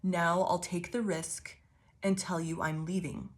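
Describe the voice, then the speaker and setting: Unhurried and flat in delivery, a woman with a lowish voice does a laid-back tarot reading for her viewers. She swears a lot, laughs, rambles, and showers her "babies" with affirmations.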